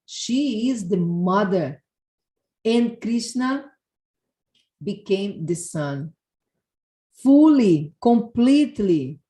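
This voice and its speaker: A woman gives a devotional class talk, telling her story slowly. She laughs and often halts and restarts, and her voice rings in an echoey room. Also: mid-range voice, animated, warm tone. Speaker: devotional speaker.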